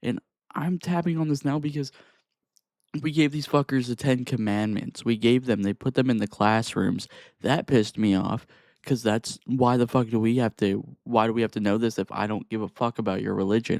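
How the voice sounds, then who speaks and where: A man's voice: medium pitch, steady tone, normal speed, vocal fry, darkish tone, no echo. Young guy ranting mad, swearing a lot, dry close sound. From Texas. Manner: profane, heated, exasperated. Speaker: vlogger. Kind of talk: angry rant to camera.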